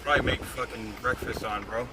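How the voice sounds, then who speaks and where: A man's voice: mid-range voice, steady tone, a little fast, heavy background noise. A young man streaming live from a phone while driving, chatting casually in a rambling, profane way that often trails off mid-sentence. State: out of breath.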